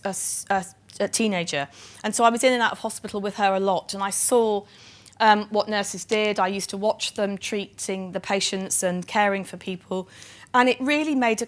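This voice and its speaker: A middle-aged woman from Bristol with a Bristol accent, giving a conference keynote in a chatty, self-deprecating way with lots of ums. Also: medium pitch. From England (Bristol). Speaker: chief nursing officer giving a keynote.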